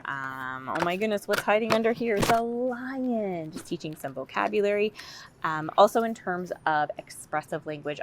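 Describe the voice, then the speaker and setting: A woman's voice: low-pitched, slight background noise. A woman speech and language assistant, explaining practice tips in a conversational way. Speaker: communicative disorders assistant.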